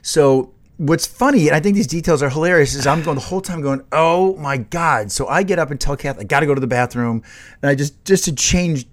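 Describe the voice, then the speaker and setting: A man in his fifties co-hosting a casual podcast, telling an animated story and laughing often. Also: on the high side, fairly quick. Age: 50s. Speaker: podcast co-host. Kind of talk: casual chat.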